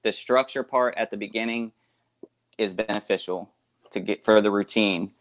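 A man co-hosting a casual podcast, rambling and halting, with frequent restarts. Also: on the low side, fairly even intonation. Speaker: guest co-host. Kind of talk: casual chat.

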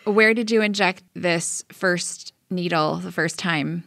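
A woman's voice: fairly low pitch, takes it slowly, gravelly, a bit bright, no room sound, clean studio sound. A woman interviewer who recaps what she has heard and then asks probing follow-up questions. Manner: probing, recaps before asking.

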